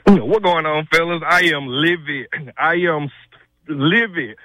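A man's voice: a little high, unhurried, bright, forceful tone, no echo, poor audio. A male caller, out of breath, ranting heatedly and emphatically on a call-in show. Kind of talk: call-in rant.

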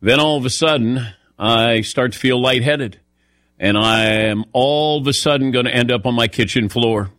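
A man's voice: mid-range voice, moderate pace, a bit bright, no echo, clean studio sound. A man hosting a sports radio show, telling a self-mocking story in casual chat while a little lightheaded.

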